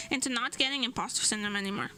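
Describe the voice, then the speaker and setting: A woman's voice: on the high side, a little fast, bright, forceful tone, soft background music, poor audio. A woman streamer chatting casually while she draws, laughing between almost every phrase. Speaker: streamer and illustrator.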